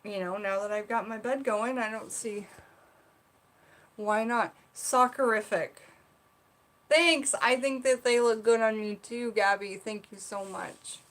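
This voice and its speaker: A woman's voice: a little high, measured pace, fairly bright tone. Female livestream host from South Carolina, chatty, reads viewer comments aloud, recorded in her bedroom. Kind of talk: casual livestream chat. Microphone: seated at own camera.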